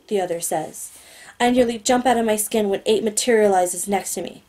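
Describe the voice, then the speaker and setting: A woman narrating a novel in the first person, steady and plain. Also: medium pitch, a little fast. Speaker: audiobook narrator.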